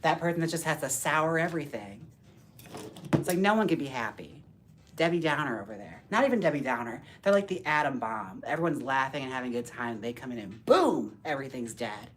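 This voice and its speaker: A man hosting a casual live stream while styling dolls, talking to viewers by name in a campy, sassy way with quick jokes and frequent laughs. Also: medium pitch, expressive, fairly bright tone, slight background noise. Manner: talks to viewers by name, reads chat aloud.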